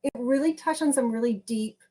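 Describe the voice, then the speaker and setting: A woman's voice: a little high, fairly quick, dark tone. A woman hosting a podcast, telling stories in a chatty way with many restarts. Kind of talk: casual podcast chat.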